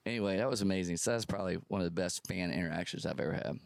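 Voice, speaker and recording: A man being interviewed at a music festival, telling a story in a lively, self-deprecating, animated way. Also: low voice, very fast, creaky. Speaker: musician guest.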